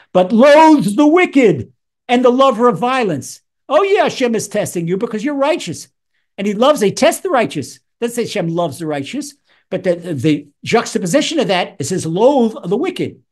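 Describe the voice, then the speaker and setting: A man teaching Psalms as a rabbi, animated, acting out voices with wide swings in pitch. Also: normal speed. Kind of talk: Torah lesson.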